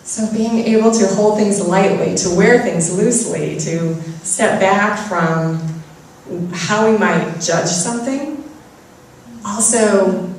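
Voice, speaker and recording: A woman's voice: mid-range voice, darkish tone, slight background noise. A woman giving an inspirational talk to an audience, telling personal stories with self-deprecating humor. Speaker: spiritual talk speaker. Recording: very echoey room, far from mic.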